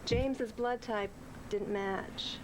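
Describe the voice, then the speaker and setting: A chatty gossiping witness. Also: female voice, a little high, steady tone, slow, poor audio. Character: gossipy talkative woman witness. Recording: crowd noise behind. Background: crowd chatter.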